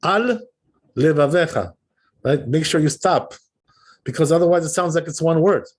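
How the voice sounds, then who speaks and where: A man's voice: a little high, steady tone, a little fast. A man teaching a text class as a rabbi. He reads passages aloud and explains them in an easygoing way, often checking in with the listeners. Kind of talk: text study lesson, reading and translating.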